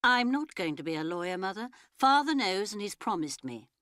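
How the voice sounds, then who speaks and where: A woman voicing a teenage son who speaks gravely and with cool certainty. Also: mid-range voice, sing-song, fairly quick, a bit bright, no room sound, studio quality. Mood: earnest. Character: teenage son, earnest, calm, determined.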